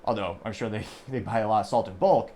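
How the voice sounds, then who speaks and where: A man's voice: on the low side, quick pace, dark tone, a little hiss or hum. A male host giving casual news commentary, rambling and correcting himself as he reads business stories aloud.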